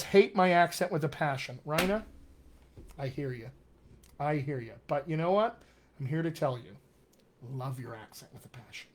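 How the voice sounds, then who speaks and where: A man as a dialect coach on a live-streamed Q&A, reading out viewer comments and encouraging them with emphatic repetition. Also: fairly high pitch. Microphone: webcam or computer mic.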